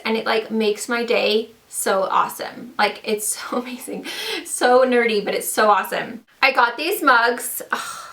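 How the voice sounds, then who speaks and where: A woman's voice: fairly high pitch, sharp tone. A young woman with a slight lisp, gushing about her favorite fall finds in a casual vlog, with lots of "like" and "so cute.". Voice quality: slight lisp from dental trays. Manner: bubbly, gushing, says "like" often. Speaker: beauty and lifestyle vlogger. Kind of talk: casual product haul vlog.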